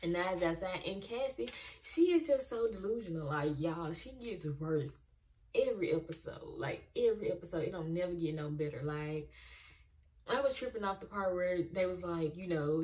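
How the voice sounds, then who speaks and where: With a lowish voice at a moderate pace, a young woman sits far from the mic while reacting to a show. As host of the reaction video, she rants in an animated, exasperated way and talks back to the characters in casual commentary.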